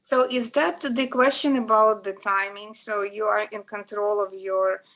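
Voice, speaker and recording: A woman's voice: mid-range voice, steady tone, unhurried, a bit bright, poor audio. A woman student asking the teacher hesitant questions during a class.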